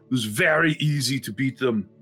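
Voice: mid-range voice, moderate pace, a bit bright, husky. A tabletop player speaking in character in a playful, joking way. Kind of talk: tabletop game role-play. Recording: faint background music.

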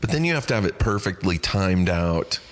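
A man's voice: deep voice, animated, a little fast. A man hosting a podcast, rambling and self-deprecating in casual chat. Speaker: podcast host.

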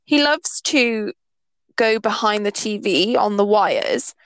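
A woman's voice: medium pitch, lively intonation, slow, dry recording, low-quality recording. Young woman, from Northeast England, podcast co-host, casual chat, chatty storyteller, dry close sound.

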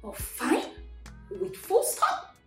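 Animated laughing woman podcast host. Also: fairly high pitch, normal speed. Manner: animated, laughs often, exclaims in disbelief. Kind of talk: casual chat. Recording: echoey room with faint music.

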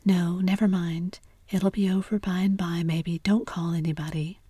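A woman's voice: on the low side, little pitch movement, normal speed, dark tone, breathy edge, no room sound. A woman voicing a mischievous boy faking illness, a whispered role-play with plaintive groaning.

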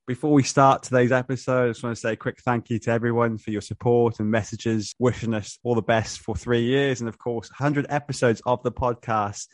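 A man's voice: mid-range voice, steady tone, brisk, few pauses, no room sound, clean studio sound. A man with a New Zealand accent hosting a casual football podcast, speaking over a video call in a laid-back, matey way. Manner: laid-back, matey banter, laughs often. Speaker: podcast host. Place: motel room on a video call.

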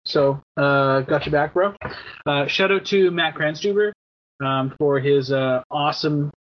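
A man in his thirties, from Canada, hosts a casual podcast chat with a slightly high voice. He rambles and stalls on fillers, dropping an occasional swear word. The audio is dull and lo-fi. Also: unhurried, a little hiss or hum. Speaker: podcast host.

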